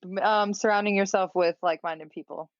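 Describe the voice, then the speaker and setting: A woman's voice: medium pitch, steady tone, brisk, no room sound, lo-fi sound. Frank woman with a New York accent. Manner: frank, easygoing, laughs often. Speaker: podcast guest. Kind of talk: casual chat.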